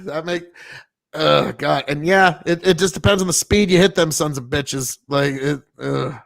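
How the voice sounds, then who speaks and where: Host, male, from Nebraska. Rambling, swears constantly, high gravelly voice, close dry sound. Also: a little slow, fairly bright tone, no room sound. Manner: profane, rambling storyteller. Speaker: podcast host. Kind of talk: casual chat.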